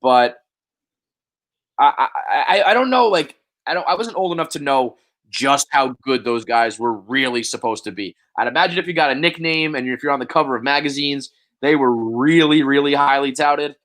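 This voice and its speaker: A man's voice: mid-range voice, normal speed, a bit bright. A young man co-hosting a sports podcast, talking in a loose, rambling way with frequent restarts and casual swearing. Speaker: podcast co-host.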